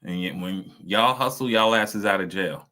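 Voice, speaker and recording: A man's voice: sits low, normal speed, bright, forceful tone. A man, reacting to videos on a stream. He talks in a blunt, casual way, profane and mocking. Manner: blunt, profane, mocking, acts out quoted voices.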